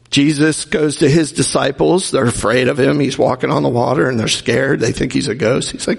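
A man's voice: medium pitch, moderate pace, gravelly, slightly rough. A male pastor preaching a sermon in a conversational way, with jokes and acted-out quotes, in a church. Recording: hall reverb.

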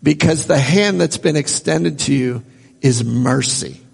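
Male pastor preaching, slightly high, husky voice, church hall reverb. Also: a little slow. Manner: earnest preaching, repeats phrases for emphasis. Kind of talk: sermon.

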